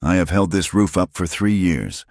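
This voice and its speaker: A man voicing a proud widowed woman who speaks sharp, clipped and defiant. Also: deep voice, lively intonation, moderate pace, no room sound, studio quality.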